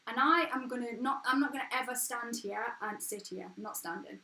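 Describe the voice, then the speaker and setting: A woman's voice: a little high, fairly quick, sharp tone. A woman in her thirties with an everyday English accent, hosting a casual motivational live stream from home, talking frankly and earnestly in a chatty way. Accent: English, not posh. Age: 30s. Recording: echoey room.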